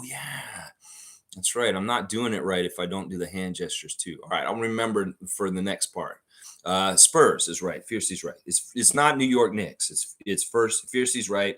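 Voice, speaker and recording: A man's voice: sits low, a bit bright. A man hosting a casual live trivia stream, reading out viewer guesses and chatting between questions with frequent laughs. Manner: chatty, reads out viewer answers, laughs often. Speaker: trivia quiz host. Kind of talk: casual livestream quiz hosting.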